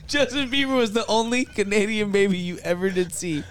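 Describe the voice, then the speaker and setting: A man co-hosting a podcast in casual joking chat, excitable, laughing often and swearing freely. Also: high voice, a little fast, clean tone. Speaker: podcast co-host.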